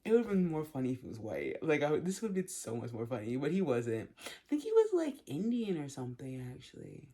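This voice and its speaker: A young woman vlogger telling a storytime in a chatty, animated way, full of fillers and laughs. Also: low-pitched, brisk, a little hiss or hum. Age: young adult. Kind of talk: storytime vlog.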